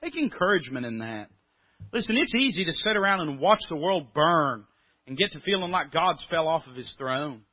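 Preacher guy, fairly high voice, pushes hard then goes quiet, dull flat recording. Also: moderate pace, dry recording. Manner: emphatic, swings from loud to quiet. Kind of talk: sermon.

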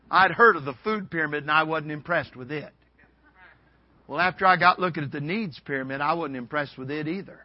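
A man preaching a revival sermon in a folksy, storytelling way, rising to loud peaks and dropping to a hush. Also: fairly high pitch, fairly quick. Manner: swings from loud shouting peaks to hushed near-whisper. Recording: dull lo-fi recording.

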